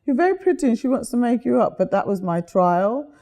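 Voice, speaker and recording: A woman from the UK, an interview guest telling lively stories in a chatty, animated way. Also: mid-range voice, moderate pace. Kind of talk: animated storytelling.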